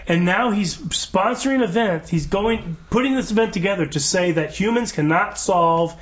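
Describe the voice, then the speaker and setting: A man co-hosting a casual podcast, his voice sitting fairly high. He sounds animated and exasperated and laughs often. The audio is dull and lo-fi. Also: normal speed. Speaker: podcast co-host.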